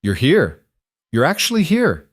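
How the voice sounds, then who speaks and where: A man voicing a weary young duke who speaks in a careful, measured way. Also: on the high side, wildly swooping pitch, no echo, studio quality, pitched above the performer's own voice, heavily acted. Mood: stunned. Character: weary young duke, composed but shaken.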